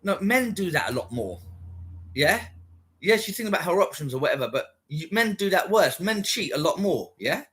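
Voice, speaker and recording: A young man in casual chat, blunt and sweary, with an animated delivery. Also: high-pitched, moderate pace. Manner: blunt and sweary, animated, quoting others in put-on voices.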